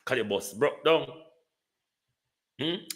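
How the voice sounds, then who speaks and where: A man's voice: medium pitch, animated, slow, vocal fry. A man with a Jamaican accent giving live political commentary, taunting and rhetorical, often asking "hmm?".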